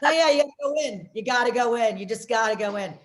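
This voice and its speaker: A woman from Las Vegas hosting a comedy show, doing loud, rambling, self-mocking stand-up. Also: a little high, quick pace.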